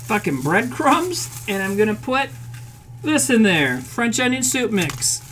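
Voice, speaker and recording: Cooking on a stream in her home kitchen, this Upper Midwest woman with a Northern Plains accent talks bluntly, curses freely and responds to chat as food fries faintly. Her fairly high voice swings widely in pitch at a measured pace, under heavy background noise.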